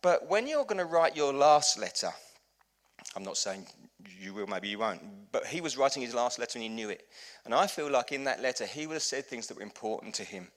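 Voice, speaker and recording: A man's voice: mid-range voice, expressive, fairly quick. A man preaching a conversational sermon at a church service, telling a story in an earnest, heartfelt way with frequent restarts. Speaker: pastor.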